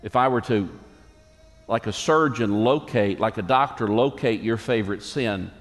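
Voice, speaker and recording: A man's voice: on the low side, normal speed. A middle-aged man, a pastor, preaching a sermon with emphatic repeated phrases and quoted asides. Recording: long reverb of a large hall.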